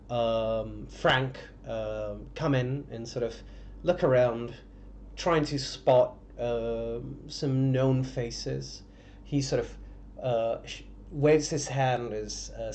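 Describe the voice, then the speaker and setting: A man narrating a tabletop game as game master, describing scenes in a halting, descriptive way. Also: mid-range voice, a little mellow, a little hiss or hum. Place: home streaming setup.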